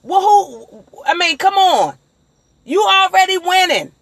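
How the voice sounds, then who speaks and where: A woman hosting a casual motivational livestream on her phone, talking in a rambling, animated way and acting out the voices of people she quotes. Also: extremely high pitch, slow, dry recording. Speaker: livestream host.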